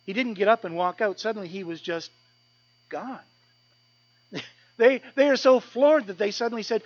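Earnest high-voiced pastor preaching. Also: male voice, animated, a little fast, dull audio. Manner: earnest, emphatic, often repeats words as he goes. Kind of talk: sermon. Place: church service.

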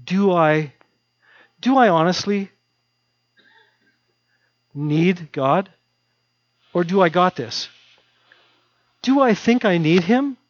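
A male pastor delivers a sermon in a chatty, down-to-earth way, hammering points through repetition. His voice sits fairly high for a man. The recording is dull and dry, with no room sound. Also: expressive, slow, long pauses, no echo. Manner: conversational, repetitive emphasis.

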